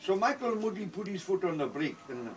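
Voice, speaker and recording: A man's voice: high voice, big pitch swings, fast. A man telling a comic story full of quoted dialogue, then singing a funny song. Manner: rambling anecdotal storyteller, asides and quoted dialogue. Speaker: comedian and singer. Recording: distant mic with loud guitar.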